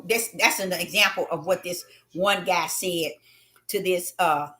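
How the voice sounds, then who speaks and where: A woman hosting a spiritual talk, telling stories in an animated, emphatic way that swings between loud and hushed. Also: fairly low pitch, measured pace. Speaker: host.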